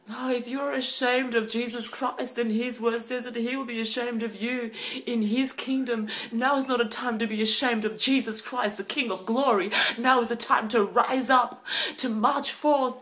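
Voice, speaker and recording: A woman's voice: fairly high pitch, steady tone, a bit bright. Fervent woman preaching prophecy. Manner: fervent, emphatic, slows for solemn phrases; breaks into speaking in tongues. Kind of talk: impassioned prophetic video message.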